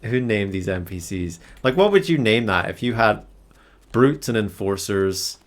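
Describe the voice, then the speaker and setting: A man's voice: on the low side, lively intonation, a little slow. A man hosting a live game stream, chatting casually and joking around with his co-player. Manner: playful and joking. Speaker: podcast host. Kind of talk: casual gaming stream chat.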